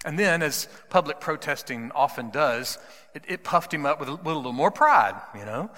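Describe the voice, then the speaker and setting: A man preaching a sermon, dramatic, dropping to hushed whispers for emphasis. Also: fairly high pitch, animated, normal speed, long reverb tail. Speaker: pastor.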